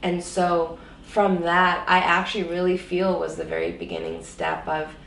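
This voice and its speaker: A woman's voice: fairly low pitch, expressive, moderate pace, gravelly, a bit bright, recorded from a distance, slight background noise. A woman guest telling her personal story in an earnest, reflective way, often saying "you know.". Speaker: interview guest. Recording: roomy echo, voice a bit off-mic, faint background ambience.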